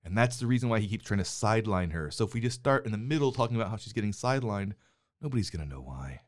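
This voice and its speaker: A man's voice: fairly low pitch, lively intonation, quick pace. A middle-aged man co-hosting a movie podcast with his son, chatting casually in a teasing, bossy way and laughing often. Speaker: podcast co-host, father. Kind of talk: casual chat about movies and TV. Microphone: headphones and studio mic.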